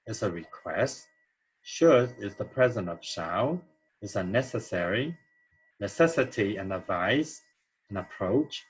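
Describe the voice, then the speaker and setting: Slow, husky-voiced male English teacher. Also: fairly low pitch, rough recording. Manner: slow, explanatory, checks in with "okay?". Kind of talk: grammar lesson walkthrough.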